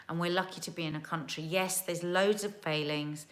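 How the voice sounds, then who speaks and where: A woman's voice: lowish voice, steady tone, normal speed. A woman hosting a casual livestream from home, reading viewer comments aloud in a chatty, earnest and emotional way.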